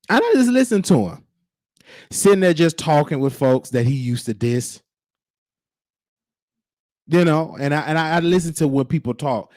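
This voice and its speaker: In Texas, a show host delivers a casual livestream monologue in a slightly high, sing-song voice with a darkish tone and a moderate pace. He speaks emphatically and preachily, going over his points again and again, and the recording is dry.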